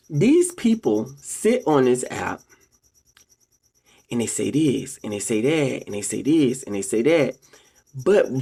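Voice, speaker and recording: A vlogger addresses viewers head-on in an offhand monologue that takes on a preachy, pulpit-like quality. Repeated appeals to "ladies and gentlemen" punctuate it, and any quoted speech gets acted out in a raised, higher-pitched voice.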